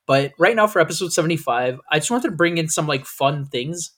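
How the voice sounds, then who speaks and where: A man chatting on a casual podcast with a slightly high voice. He talks fast, laughs a lot and swears freely. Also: expressive, a bit bright. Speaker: podcast co-host.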